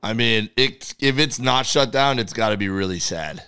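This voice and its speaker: Male comedy co-host: clear, smooth, dry-miked, stumbling reader with deadpan one-liners. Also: mid-range voice, moderate pace, no echo. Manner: stumbling read-aloud, deadpan jokes. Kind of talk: casual comedic chat.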